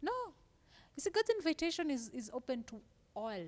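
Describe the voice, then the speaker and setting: A woman's voice: sits high, sing-song, moderate pace, a little mellow, big-room sound. A woman on a Christian youth panel, speaking animatedly and quoting scripture with emphasis. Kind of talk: casual Christian discussion.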